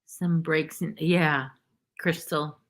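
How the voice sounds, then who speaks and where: A woman talks slowly in a rambling, chatty way while she crochets on a livestream. Her voice sits low. She greets viewers by name from her home. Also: flat delivery. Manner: rambling, chatty, reads viewers' names aloud. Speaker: livestream host. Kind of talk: casual chat while crocheting.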